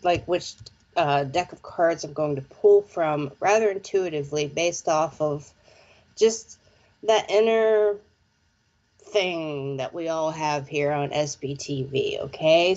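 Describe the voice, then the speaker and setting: A woman psychic reader talks to her live-stream viewers in a loose, chatty way, full of fillers and little check-ins. She speaks slowly, and the audio has a dull, muffled lo-fi quality. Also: low voice, a little mellow. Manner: chatty, lots of fillers like "okay?" and "like". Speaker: psychic reader and show presenter.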